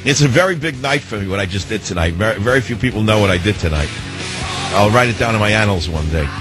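A man's voice: lowish voice, expressive, fast, music in the background. An older man hosting a radio talk show in a studio, speaking in an emphatic, declamatory way. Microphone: studio microphone.

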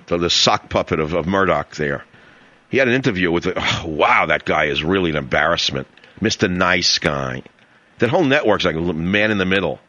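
A brash middle-aged talk radio host with a New York accent drips sarcasm and mockery as he riffs. His voice is low yet bright, swinging widely up and down. The sound is dry and close, a little dull. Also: no room sound.

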